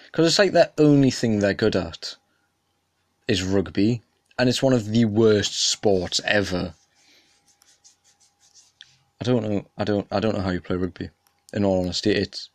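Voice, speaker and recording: A young man rants on his own podcast, indignant and animated, his voice climbing sharply when worked up. He sits on a close mic in a dry, dead-sounding space with no room echo. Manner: animated, indignant ranting, jumping up in pitch and volume. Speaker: podcast host. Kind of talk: casual solo podcast rant.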